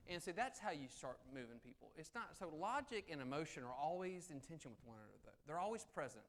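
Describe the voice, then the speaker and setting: A middle-aged man giving a live negotiation seminar, swinging between loud emphasis and soft, low asides. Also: sing-song, fast, hardly any pauses. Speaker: negotiation speaker. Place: meeting room with audience.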